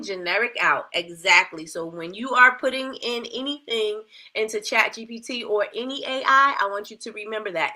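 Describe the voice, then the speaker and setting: A woman's voice: mid-range voice, bright, forceful tone. A woman hosting a casual livestream, coaching her audience in a chatty way with lots of rhetorical questions and repeated phrases, her mouth dry from a new retainer. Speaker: livestream host.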